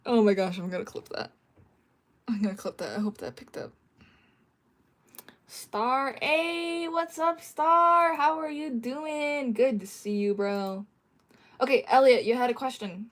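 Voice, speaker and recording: A woman streamer chatting casually with her live chat while she draws. She giggles often and jokes around, and sometimes bursts into playful mock yelling. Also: mid-range voice, expressive, a little slow, pauses often.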